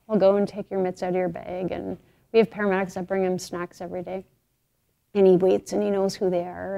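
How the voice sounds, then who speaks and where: Gravelly, mellow-voiced woman speaking earnestly. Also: medium pitch. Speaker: peer support program lead. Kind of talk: documentary interview.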